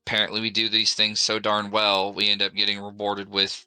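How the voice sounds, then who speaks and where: A man's voice: lowish voice, completely flat delivery, fairly quick, bright, forceful tone, smooth, no room sound, soft background music. A man playing a tabletop game, recounting events in a casual, wry way. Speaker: player.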